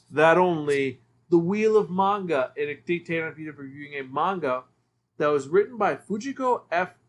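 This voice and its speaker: A man hosting a casual solo podcast review, talking in an enthusiastic, rambling way. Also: on the high side. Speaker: podcast host.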